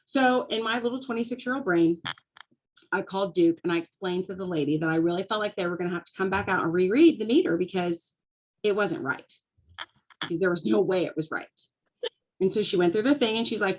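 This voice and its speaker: Woman, forties, casual talk, lively storytelling, laughs often. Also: mid-range voice, normal speed, long pauses, breathy edge, muffled recording. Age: 40s. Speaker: small business coach. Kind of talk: casual talk to a live audience.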